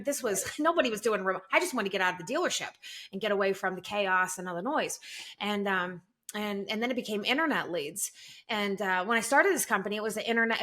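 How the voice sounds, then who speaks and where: Woman guest in her forties, bright tone, animated storyteller who jumps up in pitch for quoted lines. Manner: animated, acts out quotes in raised voice. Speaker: guest, sales training company president. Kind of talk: candid storytelling interview.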